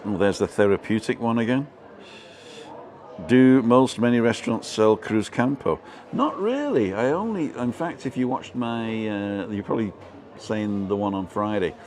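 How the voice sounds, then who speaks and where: A man's voice: mid-range voice, animated, moderate pace, darkish tone. A man with a relaxing voice, from the UK, hosting a casual live stream and chatting his way through viewer comments.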